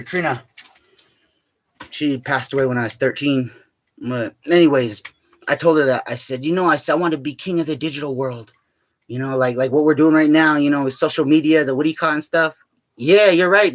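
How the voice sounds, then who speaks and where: A man rambling casually in a vlog, swearing a lot, tacking "man" onto his lines and laughing often. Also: fairly high pitch. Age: adult with a child. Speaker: vlogger.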